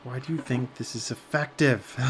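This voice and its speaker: A man chatting casually during an art stream, with a dry, deadpan sense of humor. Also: medium pitch, unhurried, slight background noise. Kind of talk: casual chat while drawing on stream.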